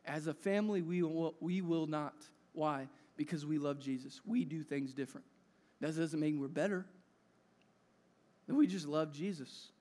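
A man's voice: on the high side, moderate pace, darkish tone. A man preaching a sermon as a pastor in a church hall. He talks in an earnest, conversational way and builds to emphatic peaks. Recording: echoey hall reverb.

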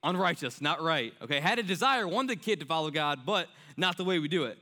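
Bright-voiced man preaching a sermon. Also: a little high, lively intonation, a little fast. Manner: earnest preaching, repeats key lines, many fillers like "right?" and "I mean". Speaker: pastor.

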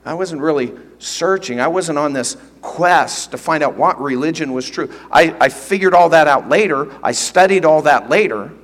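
Male pastor, sermon, high voice, emphatic and earnest, long hall reverb. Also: normal speed, few pauses, fairly bright tone. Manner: earnest, emphatic teaching with repeated phrases.

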